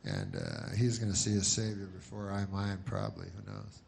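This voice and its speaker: A male stand-up comedian telling jokes in a deadpan, rambling way, full of restarts and filler. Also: fairly low pitch, normal speed, creaky, a little hiss or hum.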